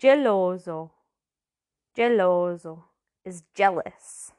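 A woman giving a casual language lesson, chatty, sounding out words slowly and repeating them. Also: on the low side, expressive, darkish tone. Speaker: language teacher.

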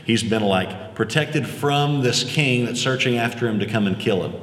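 A man's voice: medium pitch, moderate pace, fairly bright tone. A man preaching a sermon, retelling a story in a casual way with fillers. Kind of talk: conversational sermon. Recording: echoey hall with long reverb.

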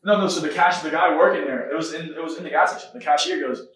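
A young man preaching a testimony sermon, telling stories in a rapid, animated way. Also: fairly high pitch, far from the mic. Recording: echoey room, voice from afar.

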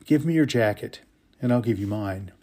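A man doing a gentle, quietly commanding ragman. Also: on the low side, lively intonation, normal speed. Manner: soft and gentle, crying out wares loudly. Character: tall gentle male ragman, quietly authoritative.

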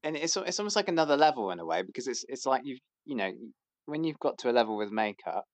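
A man's voice: mid-range voice, big pitch swings, fast, no room sound. A man, chatting hesitantly as a podcast guest, with many fillers and restarts. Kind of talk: casual chat.

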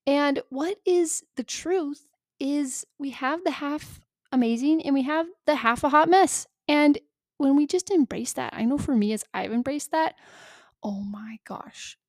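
A woman's voice: high voice, measured pace, no room sound, clean studio sound. A woman hosting a solo coaching podcast, talking casually and self-deprecatingly with frequent laughs and fillers.

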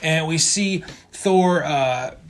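Brief: male co-host with a fairly high voice, relaxed, rambling comic recap. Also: very slow. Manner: rambling, many ums and restarts. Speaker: podcast co-host. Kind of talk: casual comic book recap.

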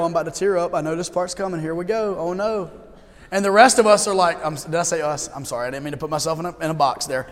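A male pastor with a notably high voice preaches a sermon, mixing relaxed joking with slow, emphatic points. His voice carries a long reverberant tail from a church hall. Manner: conversational preaching with humor and emphatic slowdowns. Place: church sanctuary.

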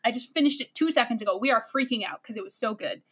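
A young woman co-hosts a casual book podcast and answers her partner with dry, wry asides. Her voice is bright and a little sharp, and it sits somewhat high. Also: fast talker, breathy edge. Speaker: podcast co-host.

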